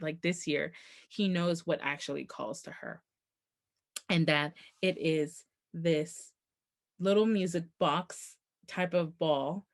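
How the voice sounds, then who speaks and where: A woman with a slightly low voice co-hosts a relaxed book chat. She recounts the plot with lively energy and slips into the characters' lines as she goes. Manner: animated plot retelling, quoting characters. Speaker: podcast co-host. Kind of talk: casual book discussion.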